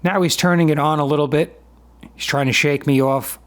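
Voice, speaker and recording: Speaking a little fast in a steady, fairly high voice, a man in his fifties explains his own grappling sparring clip. The voice-over stays matter-of-fact and conversational.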